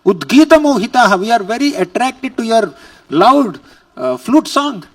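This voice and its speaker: A man's voice: very high voice, very animated, normal speed, far from the mic, voice pushed up, heavily acted. A man voicing devoted young village women reproaching their god in a pleading tone, within a scripture lecture. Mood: reproachful.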